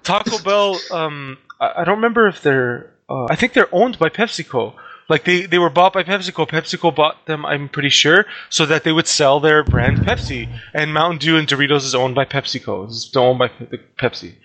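Higher-voiced, bright-toned man rambling in chat. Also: a little fast. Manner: rambling, with rhetorical questions. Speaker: podcast co-host. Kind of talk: casual chat.

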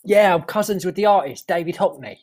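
A man's voice: sits high, brisk, darkish tone. A man playing a blustering, swearing Cockney market trader who has taken up art, in an improvised comedy sketch. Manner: blustering, swearing, mock-defensive.

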